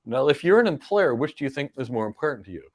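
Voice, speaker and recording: A middle-aged American man hosts a live Q&A as a cloud career coach, his mid-range voice sing-song, fast and a little mellow. He gives career advice emphatically, firing off rhetorical questions and repeating his key points.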